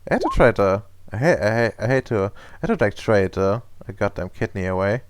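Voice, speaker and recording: A man's voice: fairly low pitch, fairly quick, dry recording, natural voice. A man doing an eager, stammering bacon-mad crewman. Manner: excitable, stammering. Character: eager, bacon-obsessed male crew member.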